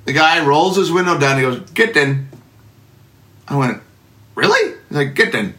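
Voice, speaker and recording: Guy telling a wild story, bright voice, acts out everybody's lines. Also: fairly high pitch, normal speed. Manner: animated, acts out voices in quotes, laughs often. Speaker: speaker telling a personal testimony. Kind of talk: storytelling testimony.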